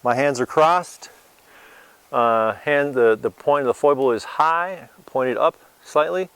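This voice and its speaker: A man casually explaining sword guards as an instructor, relaxed and hesitant with many fillers. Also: medium pitch, slow pace, clear, resonant tone, no room sound. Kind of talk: casual demonstration lesson.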